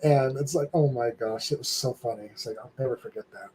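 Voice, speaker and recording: An older man, a guest on a live stream, chatting casually and telling an animated story, acting out the voices of the people in it. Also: medium pitch, brisk, a little hiss or hum, rough recording.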